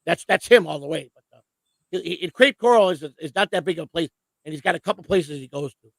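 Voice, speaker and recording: A man hosts a loose livestream conversation, rattling on at high speed with plenty of swearing. His voice sits high and has a gravelly edge. The sound is close and dry. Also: fast talker, no echo. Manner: rambling, profane, excitable. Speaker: host. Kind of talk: casual livestream chat.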